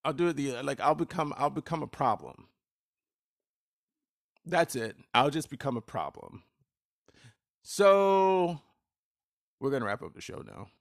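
A man's voice: mid-range voice, sing-song, unhurried, gravelly, long pauses, no echo, clean studio sound. A man hosting a solo podcast. He talks bluntly, swears freely, and rambles with restarts and fillers. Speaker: podcast host.

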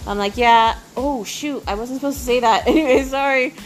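A woman's voice: fairly high pitch, moderate pace, a little hiss or hum. A young woman telling a rambling story to the camera, full of fillers and frequent giggles. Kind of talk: casual storytelling.

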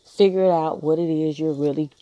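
A woman's voice: sits low, steady tone, normal speed, dark tone, dry recording. A woman hosting a relationship advice podcast, talking frankly and teasingly in a casual monologue.

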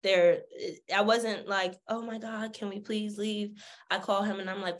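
A podcast guest with a medium-pitched voice tells her story candidly at a measured pace. She's sassy and animated, swears freely, and acts out the people she quotes.

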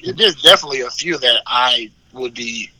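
A man's voice: medium pitch, a little fast, sharp tone, no room sound, low-quality recording. A man co-hosting a casual podcast chat, blunt and profane, laughing often. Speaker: podcast co-host.

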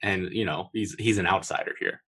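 A man's voice: deep voice, fairly quick, sharp tone, slightly rough. A man co-hosting a podcast, chatting casually about a film with loose, filler-heavy talk. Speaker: podcast co-host.

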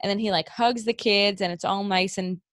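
A young woman co-hosting a casual chat, lively as she acts out the characters' lines. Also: mid-range voice, fairly quick, no echo, clean studio sound. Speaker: podcast co-host. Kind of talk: casual chat recapping a movie.

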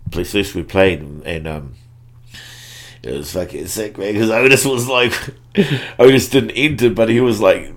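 A man's voice: lowish voice, normal speed. A man in his forties with a New Zealand accent, telling stories in a laid-back, sweary podcast chat. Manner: laid-back, swears freely, lots of fillers. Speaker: guest musician. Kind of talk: casual storytelling chat.

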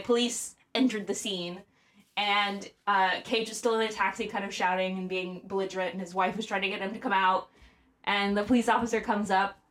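A woman's voice: mid-range voice, a bit bright. Chatty young woman telling a story. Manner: chatty, lots of "like" and "um", laughs often. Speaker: podcast host. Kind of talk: casual storytelling chat.

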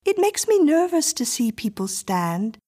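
A woman voicing an eerie, composed little girl who speaks in a prim, flat, insistent way in a storybook reading. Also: high-pitched, a little slow, slightly rough, voice pushed up, heavily acted. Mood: cool.

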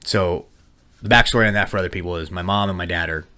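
A man's voice: sits low, fast, sharp tone. A man co-hosting a casual podcast, ranting heatedly and swearing a lot. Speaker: podcast co-host.

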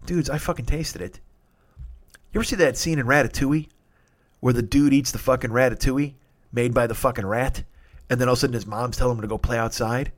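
A middle-aged man hosting a podcast, telling a rambling, profane, excitable comic story. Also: medium pitch, fast. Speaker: podcast host.

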